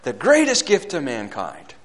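A man preaching a sermon in a mid-range voice. He swings between loud, fervent climbs and quiet, hushed stretches. When he reads scripture aloud, he gives the old wording a measured cadence. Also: medium pitch, wildly swooping pitch.

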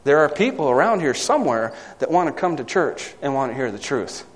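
A man's voice: mid-range voice, big pitch swings, fairly quick. A man preaching a sermon, asking the congregation questions and reading scripture aloud. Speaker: pastor. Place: church. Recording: church hall with long reverb.

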